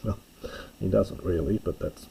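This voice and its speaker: Slow, dark-voiced male lecturer. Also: deep voice, vocal fry, slightly rough, poor audio. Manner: careful and explanatory, pauses to correct himself. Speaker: lecturer reading a Greek play. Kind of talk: slow scholarly close reading.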